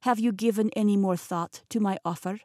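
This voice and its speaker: Woman voicing Rasputin, thick Russian accent. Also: medium pitch, steady tone, darkish tone, no echo, clean studio sound, lightly acted. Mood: persuasive. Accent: Russian (put on). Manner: smooth, coaxing, unhurried. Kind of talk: audiobook character voice.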